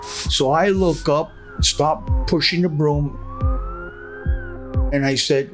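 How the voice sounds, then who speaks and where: An older man who used to be a smuggler tells stories from his past in an interview, acting out quotes and laughing along the way. His voice is on the high side and fairly bright, with a slow pace and long pauses, and faint music plays behind him.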